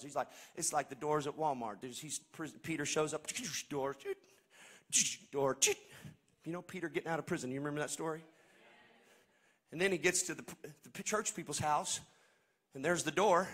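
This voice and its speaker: A man preaching a sermon as pastor, swinging between shouted, sing-song passages and hushed, conversational asides. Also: fairly high pitch, normal speed.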